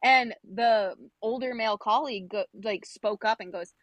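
A young woman chats as a podcast guest, her voice sitting a bit high. She tells her story with animation and acts out what people said, with plenty of fillers. The sound is dry and close. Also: moderate pace, hardly any pauses, no room sound. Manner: animated, acts out quoted dialogue, many fillers. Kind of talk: casual storytelling chat.

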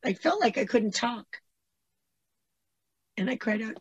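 A woman's voice: fairly high pitch, lively intonation, unhurried, breathy edge, no echo. A woman telling a personal story in a rambling, breathless way, with many restarts. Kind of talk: casual storytelling, played as an interview clip. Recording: dull lo-fi audio.

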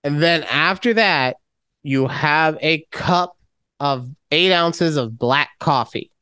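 A man co-hosting a casual podcast, telling a story in a profane and animated way. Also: fairly high pitch, slow, clear, resonant tone, no room sound, studio quality. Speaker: podcast co-host. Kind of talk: casual chat.

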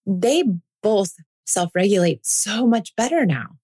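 A woman's voice: mid-range voice, expressive, slow, a little mellow, breathy edge. A woman in her forties hosting a parenting podcast, talking earnestly and reassuringly, often repeating her points for emphasis. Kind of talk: podcast monologue.

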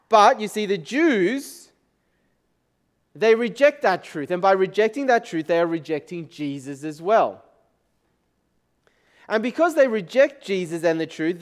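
Man, pastor, church sermon, high voice, chatty rhetorical questions. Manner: conversational preaching with frequent rhetorical questions. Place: church service.

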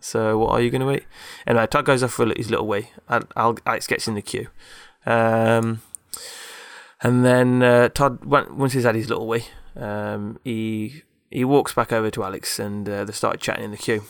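A man's voice: mid-range voice, fairly even intonation, normal speed, clean tone, no echo. A man, hosting a casual chat and telling a story in a rambling way, full of fillers. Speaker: podcast co-host.

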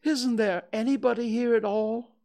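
A man voicing a slow, simple-minded bear who loves honey, drawing his words out hesitantly and starting with little "uh" sounds. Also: very high-pitched, steady tone, a little mellow, voice pushed up. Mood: puzzled.

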